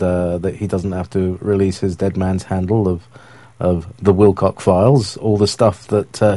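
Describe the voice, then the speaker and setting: Low-pitched and warm, this show host's voice comes through a dry recording as he runs a casual call-in stream. He wanders and hesitates, leaning on fillers and chuckles throughout the live-stream chat.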